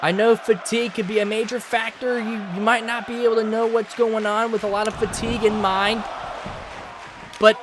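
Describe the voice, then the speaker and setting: A man calling a wrestling match play-by-play, energetic and often shouting. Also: high voice, normal speed, noisy background. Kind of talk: excited play-by-play commentary.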